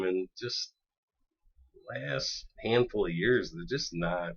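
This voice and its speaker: A man with a fairly low voice talks in loose, rambling casual chat as a podcast co-host. He circles around his points with plenty of fillers. The sound is a little dull and lo-fi. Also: takes it slowly, gravelly, long pauses, fairly bright tone, husky. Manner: rambling, lots of fillers and restarts.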